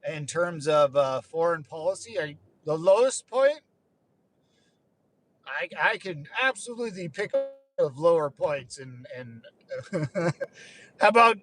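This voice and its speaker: A young man, formerly a Marine, rambles loosely behind the wheel with occasional swearing and laughing asides. His voice is a little high and a bit bright.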